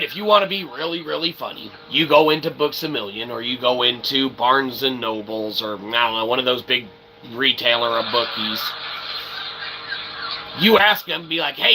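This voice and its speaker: A man's voice: medium pitch, moderate pace, background noise. A man hosting a casual livestream, rambling and joking in wordy, roundabout phrases. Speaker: streamer and host.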